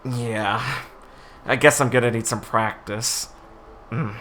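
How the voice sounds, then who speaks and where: A man's voice: mid-range voice, steady tone, takes it slowly, bright, forceful tone, slight background noise. A man talking casually in character as a player in a tabletop game, laughing often and easily flustered. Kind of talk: casual in-character role-play.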